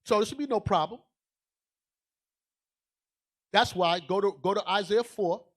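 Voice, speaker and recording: A bishop delivers a fiery, emphatic sermon a little fast, calling out to the congregation. He swings between low asides and loud declarations.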